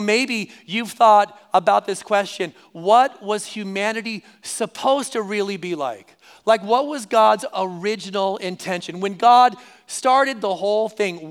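A male pastor delivers a sermon in a high, smooth voice. He talks in a relaxed, conversational way and repeats key lines for emphasis. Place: church service.

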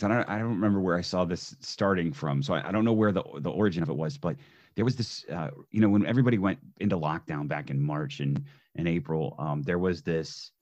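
A man's voice: low voice, darkish tone, lo-fi sound. A man as a podcast guest in casual chat, easygoing and hesitant, often restarting his sentences.

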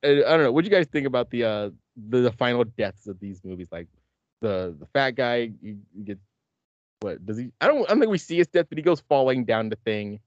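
A man's voice: medium pitch, expressive, a little fast, darkish tone, dry recording. A man hosts a casual podcast chat, rambling through his points and laughing often. His voice sits mid-range and sounds dry and close. The recording is dull and lo-fi. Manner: rambling, laughs often, acts out movie lines. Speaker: podcast host.

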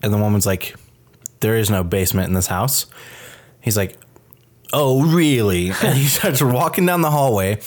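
A man hosting a podcast, retelling a film scene in casual chat, animated and profane. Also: fairly low pitch, moderate pace, pauses often. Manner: animated, profane storytelling with many fillers. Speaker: podcast host reviewing a film.

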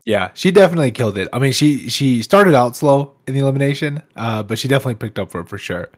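A man co-hosting a casual podcast, talking quickly and agreeably about a reality show. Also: mid-range voice, expressive, dry recording, clean studio sound. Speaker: podcast co-host.

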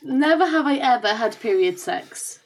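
A woman's voice: sits high, expressive, moderate pace, low-quality recording. A woman with a Polish accent co-hosting a casual podcast chat, giggly and sheepish. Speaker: podcast co-host.

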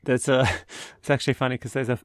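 A man's voice: mid-range voice, level tone, fast talker, smooth, no room sound, clean studio sound. A man, co-hosting a travel podcast in an enthusiastic, rambling way and laughing often. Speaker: podcast co-host. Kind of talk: casual travel podcast chat.

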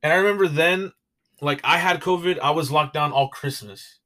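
Rambling young man, slightly high voice. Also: normal speed, pushed and bright. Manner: rambling, casual swearing, filler-heavy. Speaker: podcast co-host. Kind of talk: casual chat.

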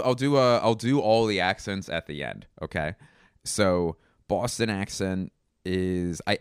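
A man's voice: sits low, clear, resonant tone, no room sound, studio quality. A man doing a rambling comedic monologue, self-mocking and profane.

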